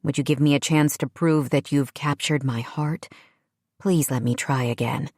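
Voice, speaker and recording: A woman voicing a sincere young man speaking softly and tenderly in a romance audiobook. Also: deep voice, steady tone, normal speed, no room sound, clean studio sound, voice pushed down. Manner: soft, sincere, heartfelt.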